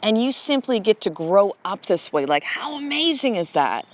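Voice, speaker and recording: Hosting a motivational podcast, a middle-aged woman speaks in a mid-range voice at a moderate pace, very animated throughout. She coaches her audience with blunt, fired-up talk and lots of swearing.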